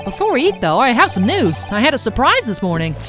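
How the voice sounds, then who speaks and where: A woman's voice: fairly high pitch, big pitch swings, brisk, music in the background, pitched above the performer's own voice. A woman voicing a young male lawyer who is earnest and put-upon, reading game dialogue in a plain, wry way. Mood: polite.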